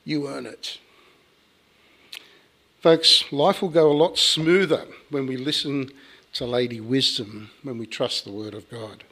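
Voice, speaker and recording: A man's voice: a little high, fairly bright tone. A male pastor preaching a sermon in a folksy way, often calling his listeners folks and chuckling.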